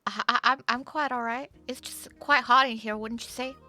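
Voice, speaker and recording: A woman's voice: a little high, steady tone, normal speed, sharp tone. A woman voicing a genteel wild west saloon barmaid who talks in polite, old-fashioned phrases. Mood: coy.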